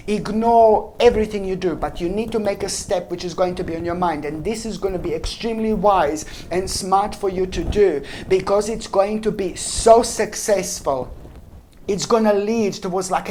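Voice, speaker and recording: A woman's voice: medium pitch, moderate pace, dark tone, slight background noise. A woman giving a casual tarot reading to viewers, chatty and emphatic, with enthusiastic, playful asides. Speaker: tarot reader.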